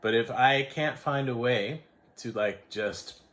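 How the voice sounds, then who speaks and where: An American vlogger in his forties tells a rambling story in a casual vlog, interrupting himself and acting out the voices of people he quotes. His voice is medium-pitched and fairly bright, and he speaks slowly.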